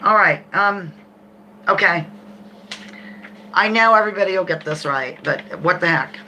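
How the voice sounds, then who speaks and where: A middle-aged woman hosting a live trivia game, reading questions slowly and chatting and laughing with viewers. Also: lowish voice, bright, forceful tone, a little hiss or hum.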